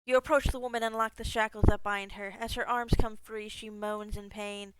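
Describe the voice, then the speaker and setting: A woman's voice: mid-range voice, level tone, moderate pace, fairly bright tone, clean tone, dry recording, rough recording. A woman gaming streamer reading a text game aloud, breaking off into casual asides, swearing freely and laughing at herself.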